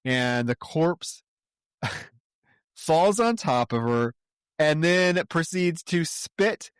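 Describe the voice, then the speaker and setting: A man co-hosting a podcast, recapping a film in a loose, animated way and briefly mimicking characters. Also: a little high, drawn-out words, clear, resonant tone, no room sound, studio quality. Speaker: podcast co-host.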